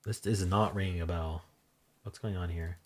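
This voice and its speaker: A man thinking aloud as he solves a crossword, muttering in halting self-talk with half-voiced asides. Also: deep voice, steady tone. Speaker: crossword solving channel host. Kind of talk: thinking aloud while solving a puzzle.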